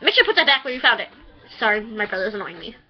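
A chatty woman rambles through a casual review at home and bursts into swearing. Her voice sits a little high. The recording is dull and lo-fi. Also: sing-song, racing. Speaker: anime reviewer.

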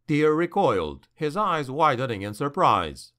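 A man narrating a dark fantasy audiobook in a slow, deliberate, dramatic manner. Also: mid-range voice, big pitch swings.

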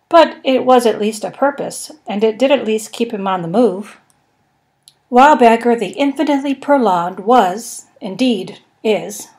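A woman narrating a comic science fiction novel in a measured, wry storytelling manner. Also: on the high side, a little mellow. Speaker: podcast narrator. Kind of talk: audiobook reading.

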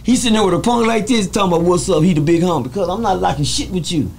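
A man from Fort Worth, telling stories as an interview guest, animated and swearing freely as he acts out the voices of others. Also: high-pitched, racing, gravelly, husky, soft background music. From Fort Worth, Texas. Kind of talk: storytelling in a casual interview.

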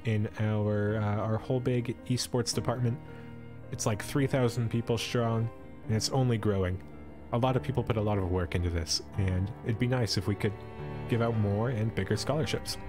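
A man's voice: on the low side, fairly even intonation, normal speed, music in the background. A young man streaming live, reading an adventure story aloud and breaking off to joke with his chat. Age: young adult. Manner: playful, breaks off to joke and comment. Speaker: esports streamer.

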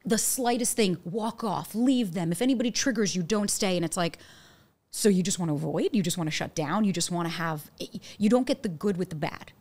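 A young adult woman, a dating coach, talking casually on a podcast and telling stories with acted-out quotes. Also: fairly low pitch. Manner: animated, quick storytelling with acted quotes.

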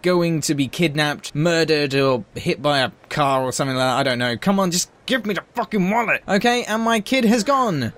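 A man's voice: a little high, animated, normal speed, hardly any pauses, a bit bright. A young man giving sarcastic, sweary let's play commentary. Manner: sarcastic, sweary running jokes. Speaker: gaming commentator.

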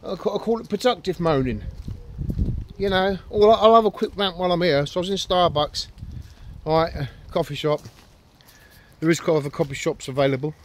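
A man's voice: on the high side, fairly quick, pauses often, slight background noise. A man vlogging outdoors with his dogs, rambling and ranting, heavy with swearing and self-deprecating jokes. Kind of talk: casual rambling vlog.

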